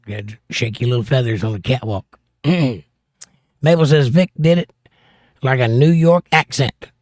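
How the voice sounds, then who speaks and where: A man's voice: mid-range voice, unhurried, a little mellow, no room sound, clean studio sound. A middle-aged man with a Southern accent, hosting a livestream and joking as he reads viewer comments aloud. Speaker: livestream host. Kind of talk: casual chat.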